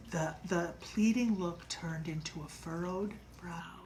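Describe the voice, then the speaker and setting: A woman telling a true ghost story, dramatic and moving from hushed to loud. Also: on the low side, takes it slowly, hardly any pauses, slight background noise, rough recording.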